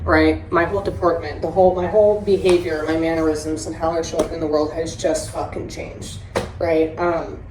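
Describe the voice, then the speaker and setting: A woman hosting a podcast, telling recovery stories in a blunt, profane and animated way. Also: deep voice, normal speed. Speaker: podcast host. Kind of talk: candid recovery chat. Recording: roomy echo with faint hiss.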